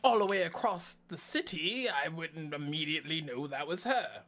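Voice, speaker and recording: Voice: medium pitch, moderate pace, fairly bright tone. A player in a tabletop game who asks questions in casual in-character talk. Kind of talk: casual in-character role-play.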